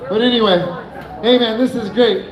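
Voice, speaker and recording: A man's voice: very high-pitched, fairly even intonation, moderate pace, some chatter behind. A man doing a rambling, giggly stand-up set on a bar stage with a handheld mic. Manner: rambling, giggly, loose delivery. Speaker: open-mic comedian. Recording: echoey room, muffled mic.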